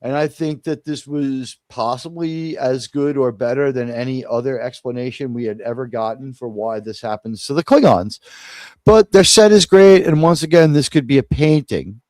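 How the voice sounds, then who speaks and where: A man's voice: mid-range voice, normal speed, a little mellow, no echo, studio quality. A man hosting a live-stream review chat in a casual, rambling way, full of fillers and restarts. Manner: rambling, many restarts and fillers, quotes others in mock voices. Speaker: host of a live review show.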